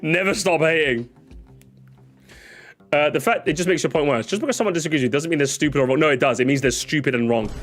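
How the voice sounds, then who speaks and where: A man's voice: a little high, fast talker, faint music behind. A young man streaming a casual reaction to comments, sarcastic and jokey, often stammering and restarting his sentences.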